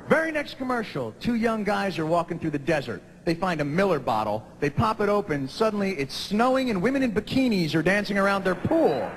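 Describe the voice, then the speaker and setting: A man, doing a stand-up comedy routine and rising to shouted punchlines. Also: high-pitched, big pitch swings, brisk, few pauses, slight background noise. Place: large theater stage before a live audience. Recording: long hall reverb, audible audience.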